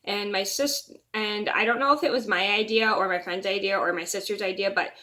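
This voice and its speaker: A woman's voice: medium pitch, steady tone, fairly quick, pushed and bright. A young woman vlogger telling a personal story in a casual, rambling way, often restarting and repeating words.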